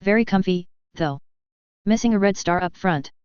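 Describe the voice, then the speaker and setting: A goofy young man , as a woman reader puts him on, hams up a fake Russian accent with mock solemnity, fighting to keep a straight face. The voice is smooth and clear, and the room is dry and close. The sound is a little dull and lo-fi. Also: mid-range voice, lively intonation, moderate pace, no room sound, natural voice. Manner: mock-serious, barely keeping a straight face. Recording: slightly dull, lo-fi home recording.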